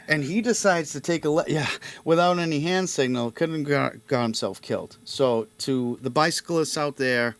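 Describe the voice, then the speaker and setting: A man's voice: fairly high pitch, moderate pace. Rambling male podcast host. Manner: rambling storyteller, exaggerated rants. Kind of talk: casual comedic chat.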